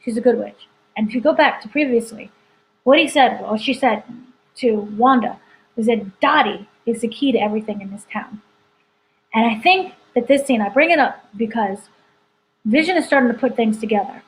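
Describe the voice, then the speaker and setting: On a low-quality recording with slight background noise, a woman editor chats about a TV episode in a spoiler review. She speaks at normal speed in a voice on the high side, rambling with frequent "like" and "you know."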